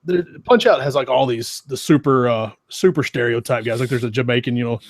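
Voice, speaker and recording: A man chatting on a gaming podcast in a middle-pitched voice, wandering through his points with lots of fillers. The sound is dry and close to the mic. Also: a little fast, no echo. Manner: rambling, many fillers. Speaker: podcast co-host. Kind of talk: casual chat.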